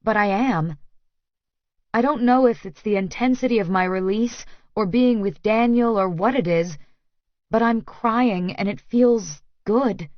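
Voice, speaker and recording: Slow, intimate woman audiobook narrator. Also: medium pitch, no room sound, dull audio. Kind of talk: first-person romance audiobook narration.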